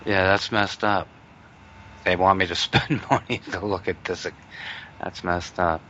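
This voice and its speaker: A man's voice: low voice, fairly even intonation, unhurried, bright, forceful tone. A man hosting a radio interview, giving short reactions and thinking aloud as he clicks through a website. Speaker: radio host. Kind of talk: casual interview chat. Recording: dull lo-fi sound with faint hiss.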